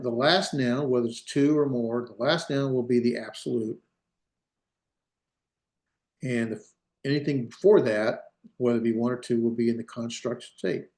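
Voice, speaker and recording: A man with a medium-pitched, slightly mellow voice teaches a Biblical Hebrew grammar class online through a computer mic, in an echoey room. He's plain-spoken and jokes about himself, thinking aloud with restarts and fillers.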